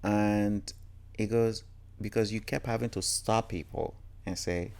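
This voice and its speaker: A man's voice: on the low side, steady tone, a little slow, creaky, darkish tone. A man telling reflective personal stories candidly and earnestly, often quoting what others said to him. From Nigeria. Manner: candid, earnest, quotes others in reported speech. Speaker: storyteller.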